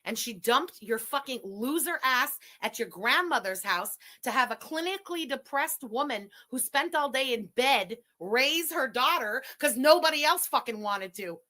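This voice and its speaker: High, bright, furious ranting woman. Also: animated, moderate pace, hardly any pauses. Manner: furious, insulting, profane. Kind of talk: livestream rant.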